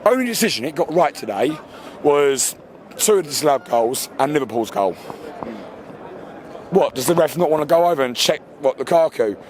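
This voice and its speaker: A man's voice: fairly high pitch, very animated, moderate pace, pauses often, a little hiss or hum. A man, ranting furiously and swearing as a football fan outdoors after a match. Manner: furious, sweary, shouting over himself. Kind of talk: angry fan rant.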